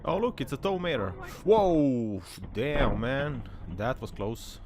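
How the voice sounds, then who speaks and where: A man hosts a commentary over dashcam clips of bad drivers, laughing often and breaking into loud, excited exclamations. His voice sits at a middling pitch. The recording is a voice-over with clear car and road noise underneath. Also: a little slow. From Serbia. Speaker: host. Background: car and road sounds from the clips.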